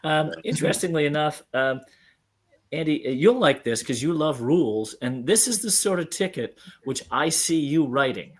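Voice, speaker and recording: A man's voice: on the high side, animated, normal speed, slightly rough. A man hosting a sports podcast, joking and rambling with many restarts. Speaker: podcast host. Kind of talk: casual sports chat.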